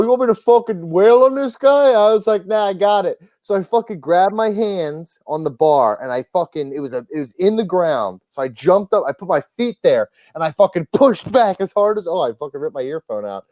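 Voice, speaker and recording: A man's voice: fairly high pitch, expressive, a little fast, hardly any pauses, no room sound, highs cut off. A man hosting a casual wrestling podcast, a profane, rambling storyteller who acts out the people in his stories. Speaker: podcast host.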